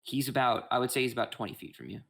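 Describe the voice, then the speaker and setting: A man narrating as game master in a rambling, halting way with many restarts. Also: mid-range voice, vocal fry, fairly bright tone.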